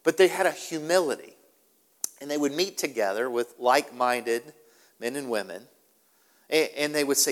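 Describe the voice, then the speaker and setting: A man's voice: fairly high pitch, fairly quick. Emphatic male pastor in a reverberant hall. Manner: animated, repetitive, emphatic. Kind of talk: sermon.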